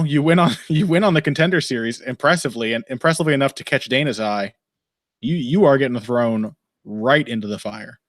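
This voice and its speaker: A man's voice: mid-range voice, dry recording. A man hosting a casual live fight commentary stream, rambling and wry, swearing freely and laughing often. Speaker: podcast host. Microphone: headphones and desk mic.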